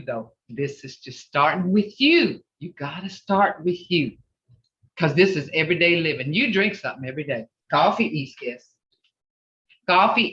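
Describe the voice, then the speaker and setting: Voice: medium pitch, a bit bright, recorded from a distance. An older language teacher leading an online class, repeating and drilling words between chatty asides, heard over a video call. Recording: roomy, dull video-call audio.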